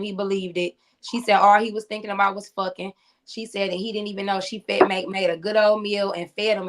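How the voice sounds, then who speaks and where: A woman being interviewed, telling a blunt, profane story about her former cellmate and acting out the exchanges between them. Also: medium pitch.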